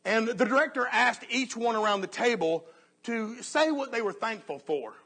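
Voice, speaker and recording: A man preaching a sermon earnestly, often dropping to a soft hush on key phrases. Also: extremely high pitch, animated, moderate pace.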